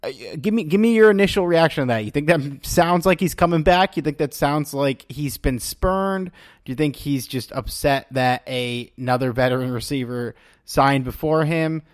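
A man's voice: on the high side, moderate pace, no room sound, clean studio sound. A man hosting a casual sports podcast, chatting loosely and reading posts aloud to his co-host. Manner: relaxed, reads tweets aloud to his co-host.

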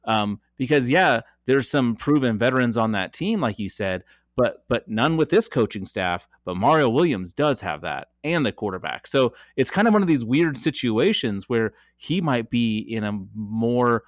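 A man's voice: mid-range voice, lively intonation, moderate pace, no echo. A chatty man co-hosting a sports podcast, his voice sitting in a middle register. He laughs easily and fills his talk with ums and uhs, recorded dry and close with no room around him. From Colorado area. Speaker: podcast co-host. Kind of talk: casual sports chat.

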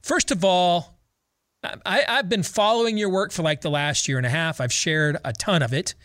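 Sardonic male talk host, higher register, dry close mic. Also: a bit bright, no echo. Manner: quick, sardonic, joking delivery. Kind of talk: political talk radio hosting.

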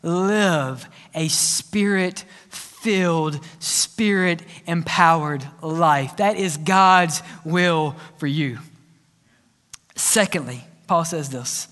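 A man preaching a sermon as pastor, telling stories in a lively way, with playful sound effects and asides. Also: fairly high pitch, very slow. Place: church sanctuary. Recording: church hall reverb.

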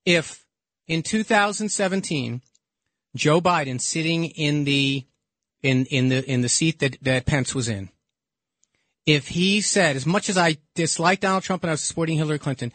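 A man with a fairly high voice hosts a call-in radio show from a studio. He talks emphatically and heatedly, stumbling over repeated words as he pushes his point. The sound is close and dry. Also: normal speed, no echo. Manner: heated and emphatic, repeats himself when excited. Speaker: radio talk show host. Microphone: studio microphone.

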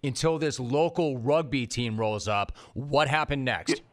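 A man's voice: mid-range voice, unhurried. A man hosting a podcast, asking emphatic questions and often calling the guest by his nickname. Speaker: podcast host. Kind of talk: interview questions.

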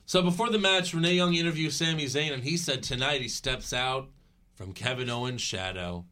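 Bright-voiced man hosting casual chat. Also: mid-range voice. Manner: joking, recaps in quick narration. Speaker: podcast host recapping wrestling.

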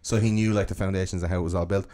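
A man's voice: deep voice, fairly even intonation, very fast, warm tone. A man hosting a podcast, telling a true-crime story in a casual, profane, joking way. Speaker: podcast host.

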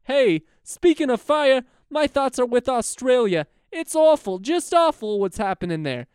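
A man doing an exaggerated impression of an excitable older male basketball announcer, shouting in a strained high voice. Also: a little slow, clear, resonant tone, dry recording, clean studio sound. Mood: hyped shouting. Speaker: podcast host.

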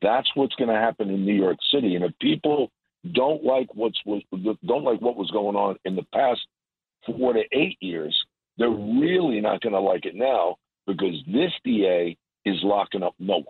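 A man with a low, husky voice drives home his points again and again in forceful political commentary. He comes through a narrow, tinny phone line that sounds dry and close. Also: moderate pace, no room sound. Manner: emphatic, repetitive, indignant. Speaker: guest commentator.

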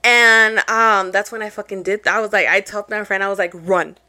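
A woman's voice: medium pitch, steady tone, fairly quick, bright, forceful tone. A young woman co-hosting a podcast, telling a story in casual chat with lots of swearing and Spanish phrases mixed in. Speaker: podcast co-host.

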